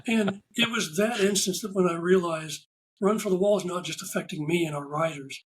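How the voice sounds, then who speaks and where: A man talking as a podcast guest. He tells stories in a casual, animated way and acts out the lines of the people in them. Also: sits high, normal speed, low-quality recording. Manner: animated anecdotal storyteller, acts out quoted dialogue. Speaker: podcast guest, ride photographer. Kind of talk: casual interview storytelling.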